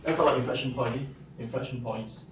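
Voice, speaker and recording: A man's voice: mid-range voice, fairly even intonation, a little fast, background noise. Man lecturing math in an echoey room. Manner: explains step by step with many "right?" and "okay". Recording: echoey room, mic at a distance.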